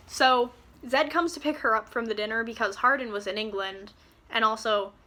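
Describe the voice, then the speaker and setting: A woman's voice: on the high side, bright, forceful tone. A woman giving a ranting book review in a sarcastic, exasperated tone, cursing freely.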